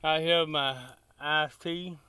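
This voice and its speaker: Man, Tennessee Southern accent, folksy rambling talk, bright, smooth. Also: a little high, fairly even intonation, slow pace, no room sound. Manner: folksy, rambling, country slang. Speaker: barbecue vlogger. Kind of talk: casual outdoor chat to camera. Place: outdoors by a grill.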